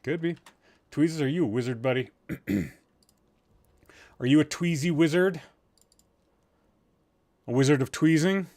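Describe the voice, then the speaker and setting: Talking a little slowly and pausing often, a man with a voice on the high side hosts a casual gaming stream. His tone is a touch mellow and there's no room sound; he's tired, a bit loopy, rambling, self-deprecating, and swears from time to time.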